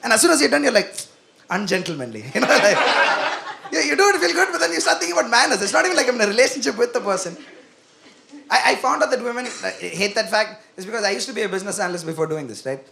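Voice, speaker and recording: A young man performing a stand-up comedy set, animated and self-mocking as he talks to the crowd. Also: extremely high pitch, racing, gravelly, a little hiss or hum. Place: comedy venue with live audience.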